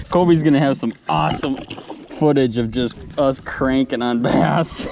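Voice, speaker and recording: A man's voice: medium pitch, measured pace, gravelly, noisy background. A man fishing from a kayak, talking casually and enthusiastically about the fish. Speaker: angler filming a fishing video. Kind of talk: excited outdoor fishing chatter. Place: on a kayak on a lake outdoors.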